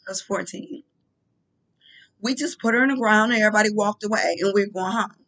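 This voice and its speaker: A woman speaking softly and haltingly in a heartfelt personal monologue, pausing and restarting as she talks. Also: mid-range voice, poor audio. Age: adult. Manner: halting, soft-spoken, with frequent pauses and restarts; emotional and heartfelt. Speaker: vlogger.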